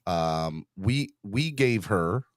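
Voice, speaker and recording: A man hosting a sports podcast in casual chat, rambling and excitable, often restarting his sentences. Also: deep voice, drawn-out words, no echo, clean studio sound. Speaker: podcast host.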